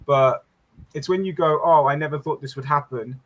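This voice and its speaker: English guy hosting a chat, bright husky voice, keeps laughing through stories. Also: fairly high pitch, normal speed. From England. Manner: lively storyteller, laughs often. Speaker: show host. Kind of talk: casual chat.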